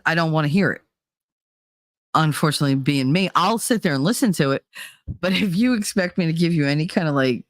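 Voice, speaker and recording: A woman's voice: deep voice, dry recording, studio quality. A woman hosting a casual chat show, telling stories in a blunt, profane way and laughing often. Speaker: podcast host.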